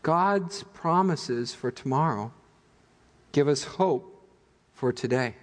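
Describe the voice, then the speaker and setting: A man preaching a sermon as pastor, telling stories in an animated, humorous way. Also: a little high, takes it slowly, long reverb tail. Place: church sanctuary.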